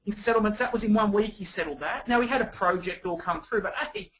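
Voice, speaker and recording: An Australian man talking as a guest on a webinar, telling stories in an energetic, animated way. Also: high-pitched, fast talker, low-quality recording. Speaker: guest real estate agent. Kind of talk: webinar conversation.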